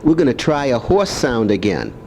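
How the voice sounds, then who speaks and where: A man's voice: medium pitch, wildly swooping pitch, normal speed, gravelly, darkish tone, slight background noise. An older man, a grandfather, talking playfully to his grandchild and making animal noises.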